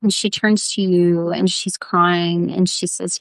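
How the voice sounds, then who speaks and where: A woman's voice: fairly low pitch, flat delivery, clear, resonant tone, no echo. A woman leading a guided healing visualization on a live video, talking in a soothing way and often calling the listener honey. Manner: slow, soothing, repeatedly says "honey".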